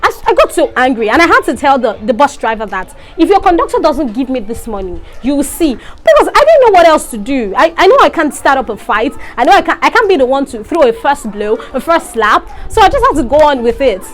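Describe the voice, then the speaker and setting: A woman's voice: high-pitched, sing-song, fairly quick, few pauses, faint music behind. A young Nigerian woman with a Nigerian accent, telling an indignant storytime tale in a vlog, sprinkling in local slang. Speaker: vlogger.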